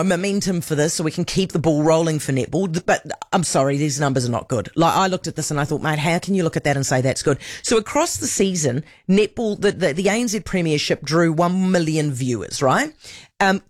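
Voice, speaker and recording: Brisk, blunt New woman radio host. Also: low voice, expressive, no echo, clean studio sound. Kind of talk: talk radio chat. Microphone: studio microphone.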